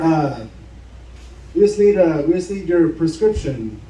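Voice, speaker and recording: A man's voice: fairly high pitch, normal speed, warm tone. A man telling a live story at a bar show, casual and swearing, playing the people in his tale. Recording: echoey room, mic heard from a distance. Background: audience cheering and laughing.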